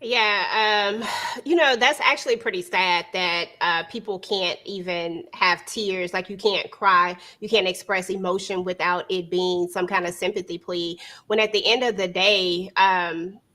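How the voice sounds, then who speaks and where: A woman's voice: on the low side, fairly even intonation, unhurried, sharp tone. A woman panelist in a casual live discussion, talking emphatically and getting exasperated. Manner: emphatic, rising to exasperated outbursts.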